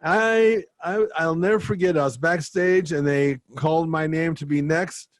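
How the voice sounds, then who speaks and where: A man hosting a podcast, telling stage stories in a relaxed chatty way and acting out what others said. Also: on the high side, moderate pace, dry recording. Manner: storytelling, animated when quoting others. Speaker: podcast host. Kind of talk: casual interview chat.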